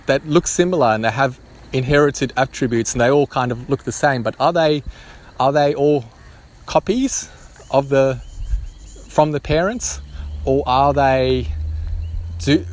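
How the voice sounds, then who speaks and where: A man thinks out loud in a casual vlog at a middling pitch. He stumbles through his ideas, restarting sentences and filling the gaps with ums. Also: moderate pace. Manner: hesitant, many restarts and ums. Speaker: vlogger. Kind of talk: spontaneous musing to camera.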